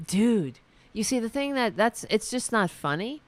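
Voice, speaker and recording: A man's voice: high voice, big pitch swings. Sarcastic, profane man ranting solo. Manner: halting, with many restarts and fillers. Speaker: political commentary host. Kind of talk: angry solo political rant.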